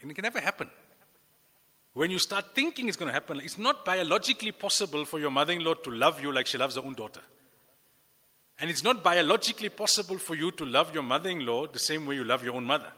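A man preaching a sermon with lively delivery, acting out the voices he quotes. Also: fairly high pitch, fast, in a large hall. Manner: animated, acts out quoted voices. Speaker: Islamic preacher.

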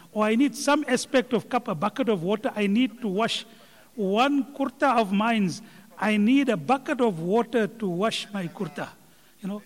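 A man delivers a sermon, stressing points by listing and repeating them. His voice rings out in a hall with a long echo. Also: high voice. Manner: emphatic, repetitive counting for effect. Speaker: Islamic speaker. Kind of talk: sermon retelling a scholar's talk.

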